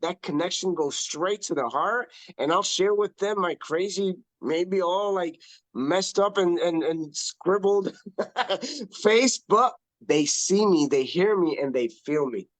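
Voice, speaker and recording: A man coaching on social media in a casual online talk, emphatic and animated, often repeating himself for effect. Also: sits high, a little slow, no echo. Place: online video call. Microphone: video call.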